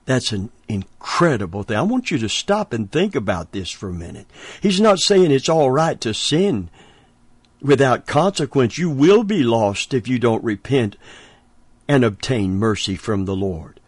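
A man's voice: mid-range voice, animated, a little slow, breathy edge, dry recording. A man preaching a sermon, emphatic and chuckling between points.

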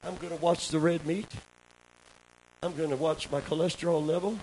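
High-voiced preacher with drawl. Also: male voice, steady tone, moderate pace, poor audio. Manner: swings from low conversational asides to loud shouted peaks; calls for amens from the congregation. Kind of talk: sermon. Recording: faint hiss.

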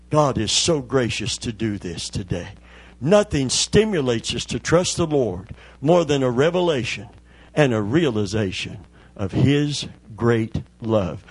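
Husky-voiced preacher man. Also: mid-range voice. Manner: preaching with rising emphatic repetitions and call-outs to the congregation. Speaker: pastor. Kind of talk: sermon.

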